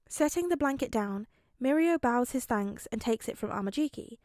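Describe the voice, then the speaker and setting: A woman reading fan fiction aloud as an audiobook, with a gentle, chatty manner. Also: a little high, lively intonation, normal speed, dry recording, clean studio sound. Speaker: podfic reader.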